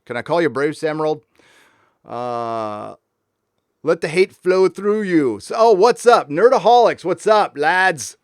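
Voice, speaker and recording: A man hosting a live stream talks casually in a middle-range voice, ranting and swearing between shout-outs to viewers. The sound is dry and close, with no room echo. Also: mid-range voice, clean tone. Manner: ranting and profane, reading viewer messages aloud. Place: warm indoor room.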